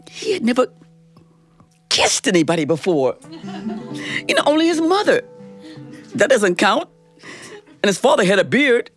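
A woman tells a fractured fairy tale in a playful, chatty way. Her voice swoops up and down with great liveliness, and she takes her time. Soft plucked guitar plays behind her. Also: medium pitch. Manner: playful, animated, chatty with the audience. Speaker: storyteller. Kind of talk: live storytelling performance.

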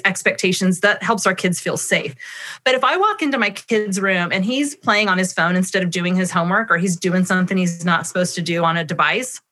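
A woman's voice: medium pitch, sharp tone. A middle-aged woman answering interview questions about parenting, explaining at length and acting out her talks with her children. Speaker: parenting expert guest.

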